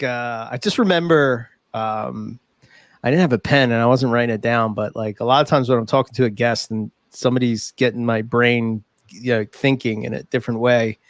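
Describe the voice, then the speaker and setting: A man's voice: medium pitch, dry recording, studio quality. A man hosting a podcast, chatting casually, hesitant with many fillers and easy laughter. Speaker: podcast host. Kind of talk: casual chat.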